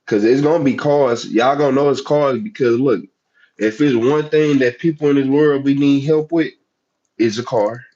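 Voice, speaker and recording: A laid-back man with a Southern US accent chats loosely with his livestream viewers, rambling and joking as he goes. His voice sits at a mid pitch, and the stream audio is slightly dull and lo-fi. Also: steady tone, normal speed, warm tone. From United States. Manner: chatty, laid-back, talks straight to chat. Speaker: livestream host. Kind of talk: casual livestream chat.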